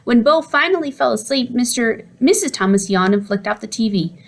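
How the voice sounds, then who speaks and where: A woman reading a children's storybook aloud in an expressive way, putting on voices for the characters. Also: a little high, a little fast, creaky. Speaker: audiobook reader. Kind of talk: storybook narration.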